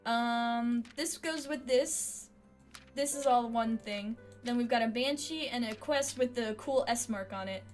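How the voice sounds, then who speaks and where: A woman commentating her own playthrough of a cozy fantasy tavern game, talking her way through each puzzle and cheering when it works. Her voice sits fairly high. Soft game music runs underneath her talk. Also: a little slow. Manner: excitable, chatty, thinking aloud. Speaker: game streamer. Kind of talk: let's play commentary.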